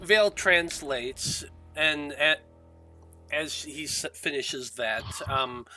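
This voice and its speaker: Man game master, tabletop narration, casual, halting ums, slow, bright voice. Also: on the high side, soft background music.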